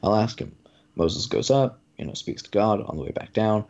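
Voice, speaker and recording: A man's voice: on the low side, animated, moderate pace, vocal fry, darkish tone, lo-fi sound. A man in a casual podcast conversation, telling a parable loosely with many fillers.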